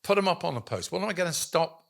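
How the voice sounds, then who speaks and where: Animated male storyteller in business chat. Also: fairly high pitch, quick pace, vocal fry. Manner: animated storyteller, acts out quotes, many ums. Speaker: guest.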